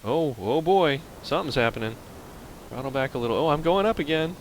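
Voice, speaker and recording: A man's voice: on the high side, lively intonation, fairly quick, slight background noise, rough recording. A man from Pennsylvania commenting on a game and telling a rambling story to viewers in a casual, chatty way. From Pennsylvania, USA. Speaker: let's play host.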